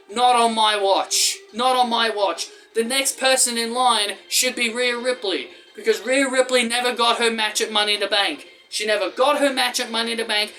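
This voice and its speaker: Ranting man, high bright voice. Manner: ranting, blunt, frustrated. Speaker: wrestling show reviewer. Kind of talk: opinionated commentary vlog.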